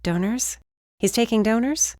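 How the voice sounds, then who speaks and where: Woman doing a hot-headed bounty hunter girl, sharp and loud, high and pushy. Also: unhurried, no room sound, studio quality, natural voice. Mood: alarmed.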